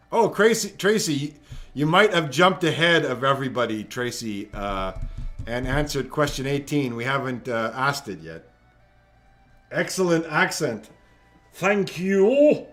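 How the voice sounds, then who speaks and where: A man's voice: mid-range voice, very animated, normal speed, fairly bright tone, soft background music. A man hosting a live-streamed trivia night from home, reading questions and joking with players in a chatty, teasing way. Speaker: trivia quiz host.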